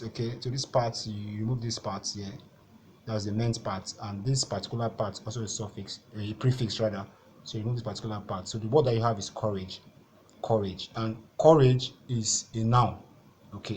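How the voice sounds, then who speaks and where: A Nigerian man with a fairly low voice teaches an exam-prep lesson from a board. He talks patiently and repeats each point, dropping in "okay" and "so" as he goes. A faint hiss of noise sits under the recording. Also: darkish tone.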